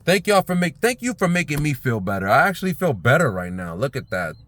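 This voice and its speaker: A man talking to his phone camera in an outdoor park by the water, in a relaxed, rambling vlog full of fillers. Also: a little high, brisk, a little hiss or hum. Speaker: vlogger.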